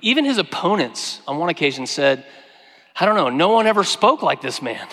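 A man preaching a sermon, earnest, slowing down and growing quiet when he quotes scripture. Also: fairly high pitch, sing-song. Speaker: pastor. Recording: long hall reverb.

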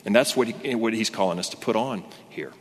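Speaking brisk and on the low side, this male pastor delivers a sermon to a congregation. He sounds earnest and conversational, frequently starting sentences over, with long hall reverb in the recording.

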